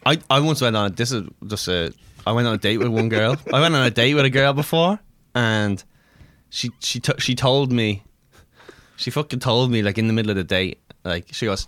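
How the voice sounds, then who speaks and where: Bright-voiced joking man. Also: mid-range voice, normal speed, no room sound. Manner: laughing, joking, swearing. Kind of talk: casual chat.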